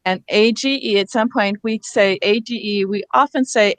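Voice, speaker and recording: A woman's voice: medium pitch, normal speed, few pauses, smooth, no room sound. Woman workshop leader, explanatory, spells out sounds, dry close sound. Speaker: reading workshop presenter. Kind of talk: teacher workshop instruction.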